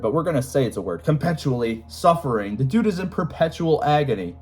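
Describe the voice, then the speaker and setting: Animated young man ranting. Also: medium pitch. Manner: animated, rambling, lots of fillers and sudden emphatic jumps. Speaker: lore video host. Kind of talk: casual lore rant.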